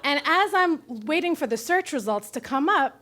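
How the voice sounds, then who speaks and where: A woman from Brooklyn telling a true story on stage at a live story slam, profane, self-mocking and animated. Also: sits high, moderate pace. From Brooklyn, New York.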